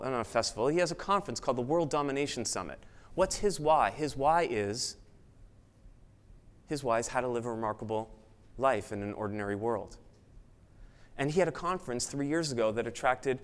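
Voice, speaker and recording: A man speaks from a conference stage in an earnest, emphatic keynote style. His voice sits at an ordinary pitch for a man, and his delivery is built to inspire the audience in the room. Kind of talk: motivational keynote talk.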